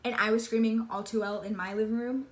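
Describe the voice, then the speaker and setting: A woman telling a story in a casual vlog, excitable and gushing, filling her talk with "like" and calling her listener "sister.". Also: on the high side, quick pace. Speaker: vlogger.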